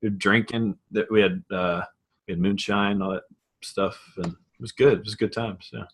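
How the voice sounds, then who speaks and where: A man co-hosting a podcast in casual chat, relaxed, giving short replies and correcting facts. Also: lowish voice, normal speed, husky. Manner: relaxed, fact-checking, brief replies. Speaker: podcast co-host.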